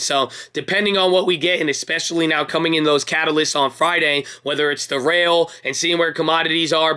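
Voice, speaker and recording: A man's voice: a little high, sharp tone. A young man hosting a casual stock market recap, hyped and talking straight to his viewers like friends. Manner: hyped, pep-talk energy, calls viewers baby and bro. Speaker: stock market video host.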